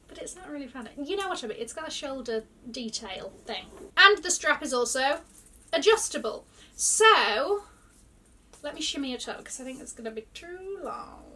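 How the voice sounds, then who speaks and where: A woman vlogger chatting excitedly through an unboxing, gasping and gushing. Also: high-pitched, distant mic, a little hiss or hum. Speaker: luxury fashion vlogger. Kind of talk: casual unboxing chat.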